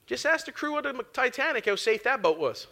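A man delivering a sermon in a relaxed, folksy way. He mixes everyday chatter with scripture and throws out "amen" and "come on" to his listeners. His voice sits high and sounds bright and forward. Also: a little fast. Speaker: preacher.

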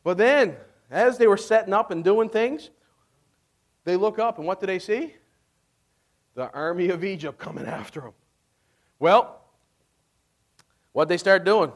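High-voiced animated preacher man. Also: unhurried, pauses often. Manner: animated, acts out voices, laughs often. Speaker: pastor. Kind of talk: sermon storytelling.

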